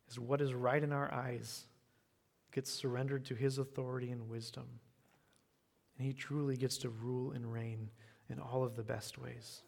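An American man giving an evening sermon and closing prayer, in an unhurried, earnest way that often repeats words. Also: medium pitch, gravelly, a little mellow. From United States. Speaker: preacher. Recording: long reverb of a hall.

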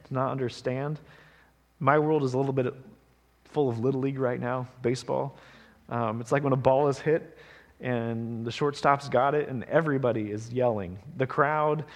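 A man's voice: mid-range voice, steady tone, normal speed, big-room sound. A man pastor preaching a sermon in a conversational way, often checking in with the congregation. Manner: conversational preaching, frequent "right?" asides.

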